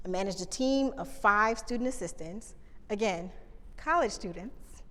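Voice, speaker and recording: A woman communication coach telling lively stories from a stage, talking to the audience and asking them questions. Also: mid-range voice, unhurried. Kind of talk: live keynote storytelling. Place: stage before a live audience. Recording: reverberant hall, live talk.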